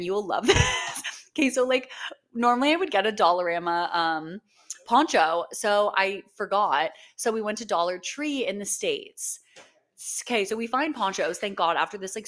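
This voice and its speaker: A young woman with a mid-range, slightly bright voice co-hosts a podcast in casual chat. She gushes and swears freely, peppering her speech with lots of "like" and "um."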